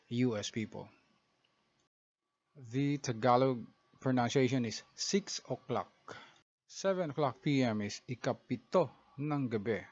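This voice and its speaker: A man teaching a language lesson, saying each example slowly and with care. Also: mid-range voice, dry recording. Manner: slow, deliberate, enunciates each example. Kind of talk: slow instructional lesson. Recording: dull lo-fi sound.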